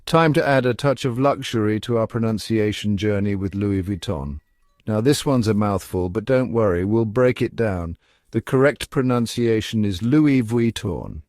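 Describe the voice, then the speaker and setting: A man giving scripted, upbeat narration as a pronunciation guide, coaxing the listener and slowing down to spell out each word. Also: lowish voice, a little mellow, clear, resonant tone, no echo, studio quality.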